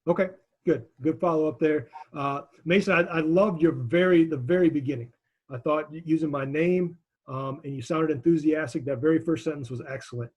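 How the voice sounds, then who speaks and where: A man's voice: on the high side, a little fast, breathy edge. Man coaching a class on a video call. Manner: encouraging, direct, with frequent restarts. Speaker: instructor.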